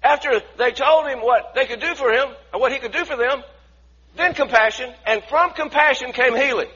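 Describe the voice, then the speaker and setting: Animated male preacher, bright husky voice. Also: very high voice, moderate pace. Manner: animated, acts out voices from the story, asks the congregation to repeat. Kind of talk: sermon. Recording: dull lo-fi recording.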